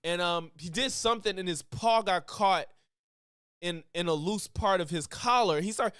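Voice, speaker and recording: A man with a notably high, clean voice reacts on stream, talking casually and breaking into loud, animated exclamations and laughter. The sound is dry and close, with no room around it. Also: moderate pace, clean tone, dry recording.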